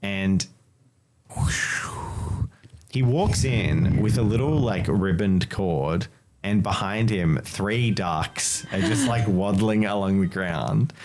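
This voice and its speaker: A man's voice: sits low, slow, darkish tone, a little hiss or hum. A man with an Australian accent narrating a tabletop game as game master, playful and laughing often. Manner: playful, laughing, voices the innkeeper.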